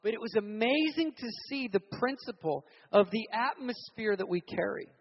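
A young man from Virginia preaching a sermon, telling stories animatedly and acting out loud shouted voices. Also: sits high, animated, normal speed. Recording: reverberant hall, dull sound.

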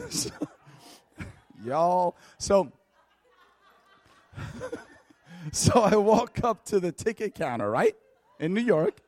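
A man preaching a storytelling sermon at a church service, lively, laughing often and breaking into shouts. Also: on the high side, no room sound. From United States.

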